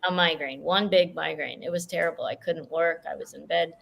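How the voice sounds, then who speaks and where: A woman's voice: deep voice, fairly even intonation, a little fast, creaky. A woman hosting a podcast interview, chatting expressively and telling a personal story. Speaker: podcast host. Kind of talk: podcast interview, casual chat.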